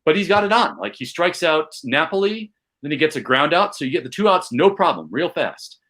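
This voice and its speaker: A man from Chicago, a comedian, telling a fan memory in casual chat with rising excitement and self-mocking asides. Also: on the high side, fairly quick. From Chicago, USA. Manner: animated, builds tension, self-mocking. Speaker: podcast guest, comedian.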